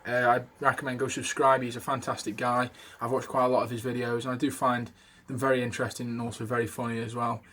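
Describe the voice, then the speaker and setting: A man's voice: medium pitch, level tone, fast, few pauses, sharp tone, slight background noise. Man rambling through a voice tutorial. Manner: rambling, with many fillers and restarts. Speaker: video creator teaching impressions. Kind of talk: casual spoken tutorial.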